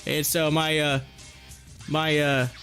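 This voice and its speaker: High-voiced man telling a rambling story. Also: little pitch movement, slow, a bit bright, faint music behind. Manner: rambling, repeats words and restarts, chuckles often. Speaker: stock trading livestream host. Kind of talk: casual storytelling on a livestream.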